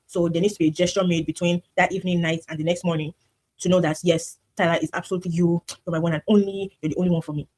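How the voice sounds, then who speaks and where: A woman giving casual commentary on a reality show in an animated, repetitive, gossipy way. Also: lowish voice.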